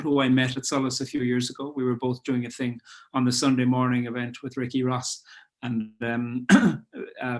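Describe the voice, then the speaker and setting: A male host chatting casually over a video call, relaxed and hesitant with frequent ums. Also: mid-range voice. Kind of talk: casual chat.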